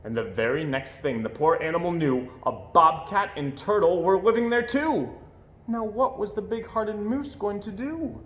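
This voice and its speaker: A man reading a rhyming picture book aloud with an expressive, rhythmic delivery. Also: sits high, normal speed. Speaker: storyteller. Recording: echoey room.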